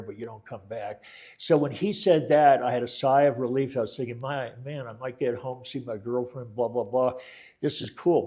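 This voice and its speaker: An older man with a mid-range voice recounts his war experiences in a relaxed oral-history conversation. He rambles, backtracks and corrects himself, using many fillers and dry quoted lines.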